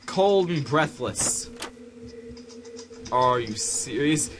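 A man doing let's play commentary on a horror game, jumpy and panicky, yelling at the screen. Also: medium pitch, a little slow, long pauses, soft background music. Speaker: gamer playing a horror game.

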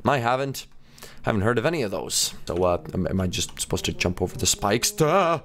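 A man's voice: on the low side, a little fast, a little hiss or hum. A man hosting a gaming video, giving playful, jokey let's-play commentary as he plays. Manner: playful, animated, jokey self-talk.

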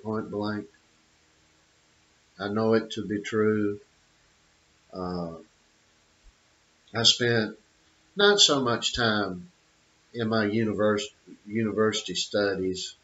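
A man's voice: on the low side, fairly bright tone. A middle-aged man giving an opinionated monologue, emphatic, with repeated phrases and many fillers. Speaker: channel host. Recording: dull lo-fi audio.

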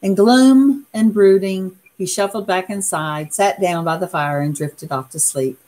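Casting: woman storyteller, gentle picture-book read-aloud, average pitch. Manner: soft, unhurried, pausing to point at pictures.

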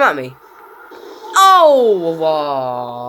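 Slow-talking raging man gamer. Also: fairly high pitch, very animated, a little hiss or hum. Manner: raging, swearing and yelling at opponents. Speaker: gaming channel host. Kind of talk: live gameplay commentary.

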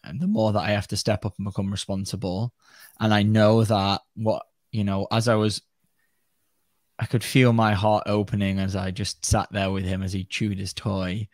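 A man speaking as a podcast guest, talking in a reflective, earnest, measured way. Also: on the low side, little pitch movement, no room sound. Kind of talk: casual conversation.

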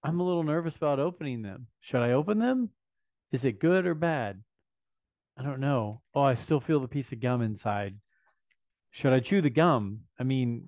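A medium-pitched, slightly mellow voice belongs to a man in his fifties hosting a laid-back unboxing video. He chats eagerly and thinks aloud, captured in a dry, somewhat dull lo-fi recording.

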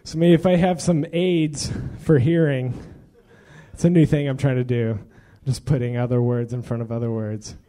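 A man's voice: medium pitch, steady tone, moderate pace, mellow. A young man doing a loose, profane stand-up set while intoxicated, laughing at his own jokes. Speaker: stand-up comedian.

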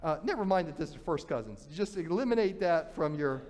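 A male pastor preaching with a high voice, telling the story in an animated way and often restarting his phrases. His words carry a long reverb from the church sanctuary. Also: fairly quick. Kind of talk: sermon.

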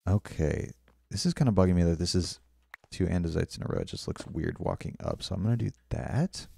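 A young man streams a game, chatting casually with viewers while building, reading chat aloud and apologizing often. His voice is low-pitched and gravelly with a warm tone and a breathy edge, and his delivery is brisk with lively intonation.

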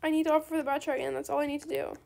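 A young woman giving chatty, excitable commentary on her own game trades, talking straight to her viewers. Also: high-pitched, very fast, creaky. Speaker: gaming video creator. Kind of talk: casual gameplay commentary.

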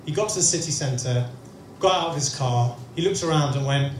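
Young brummie guy doing stand-up, dry quick asides, echoey venue with a faint murmur behind. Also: a little high, a little hiss or hum. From Birmingham, England. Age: young adult. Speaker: stand-up comedian. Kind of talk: stand-up comedy set. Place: comedy venue stage. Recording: echoey room with faint ambience.

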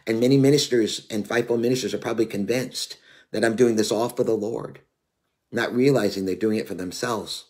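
A man's voice: on the low side, fairly even intonation, brisk, a little mellow. Earnest preacher man in his fifties. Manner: earnest, confessional, many "you know" fillers. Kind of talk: sermon.

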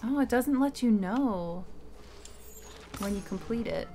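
A woman streamer commenting casually on her gameplay, thinking out loud with small hesitations. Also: on the high side, lively intonation, slow pace, slight background noise. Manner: thinking aloud, chatty with hesitations. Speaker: game streamer. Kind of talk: casual let's-play commentary. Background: faint game music.

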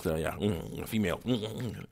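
A man's voice: deep voice, unhurried, vocal fry, a little mellow, slightly rough. A man hosting an online ministry talk, rambling casually through chat messages, chuckling often, with many fillers.

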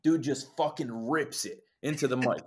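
A man's voice: medium pitch, moderate pace, husky. A young man from New Jersey, a singer and guest, telling stories in casual chat, swearing often and acting out what others said. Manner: animated storytelling, swears, acts out quotes.

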